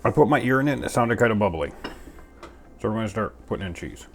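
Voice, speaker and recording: A man's voice: fairly low pitch, expressive, quick pace, slight background noise. A man hosting a casual cooking video, chatting in a goofy, self-mocking way as he makes a sauce in his home kitchen. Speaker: cooking channel host.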